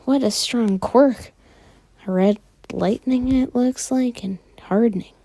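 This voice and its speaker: A woman voicing an eager young hero-student boy in a homemade fan story, with excited, breathy half-whispers. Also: on the high side, slow, pitched above the performer's own voice.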